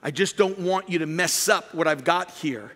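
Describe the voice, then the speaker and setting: Man, pastor, high bright voice, emphatic sermon, long hall reverb. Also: normal speed. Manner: emphatic preaching, rises to shouts at peaks. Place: large church sanctuary.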